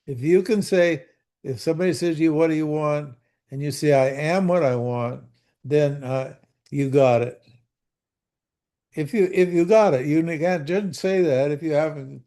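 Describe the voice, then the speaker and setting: Older male teacher, slow folksy delivery, mellow tone, video-call sound. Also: on the high side. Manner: folksy, asks the class questions, repeats words. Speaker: spiritual teacher. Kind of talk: conversational scripture teaching.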